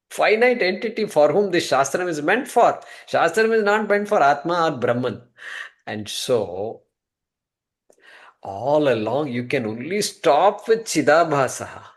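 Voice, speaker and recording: Emphatic man teaching scripture. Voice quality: pitch swings from emphatic highs to quiet low asides. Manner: rhetorical questions, answering himself, repeated restarts. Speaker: Vedanta teacher. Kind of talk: spoken scripture class.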